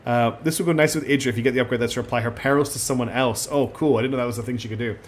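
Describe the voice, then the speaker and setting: Speaking at a racing clip in a medium-pitched voice, this man streams a game with a bit of noise behind him. His commentary is chatty and casual, and as he reads the on-screen dialogue he stumbles through ums, restarts and apologies.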